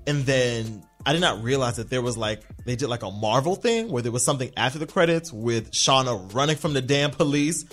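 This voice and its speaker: Lively, sassy man recapping a show. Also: medium pitch, brisk, few pauses, faint music behind. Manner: animated, sassy, slips into mocking voices. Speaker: podcast host. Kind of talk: casual TV recap monologue.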